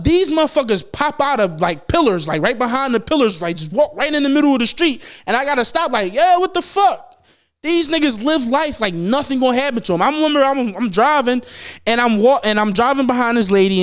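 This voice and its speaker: Smooth high-voiced young man, animated storyteller. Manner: animated, profane storytelling with slang. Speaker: podcast host. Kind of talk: casual podcast chat.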